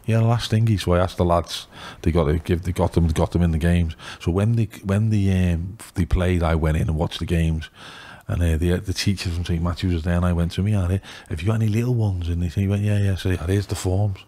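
A middle-aged man with a thick Liverpool accent spills out stories in an excitable, rambling rush. His voice sits very low and his words tumble out quickly, as he chats casually on a podcast. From England. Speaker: youth football scout.

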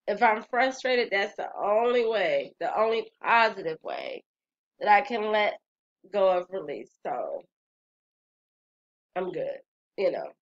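Chatty woman vlogging, talks slow, sassy, dull lo-fi sound. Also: medium pitch. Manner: chatty, sassy, laughs and sighs often. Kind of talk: casual wellness talk.

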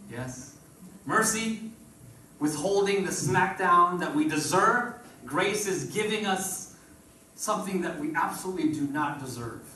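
Man, pastor, sermon, call-and-response, slightly high voice, faint room noise. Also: animated, a little slow, pushed and bright. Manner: call-and-response preaching, rises and drops in volume. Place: church sanctuary. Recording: roomy church echo from far off.

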